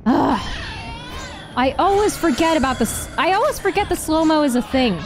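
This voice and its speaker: A woman's voice: high voice, expressive, moderate pace, over music. A woman in her twenties giving let's-play commentary on a horror game, swearing, laughing and snapping at the game. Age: 20s. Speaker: gaming streamer.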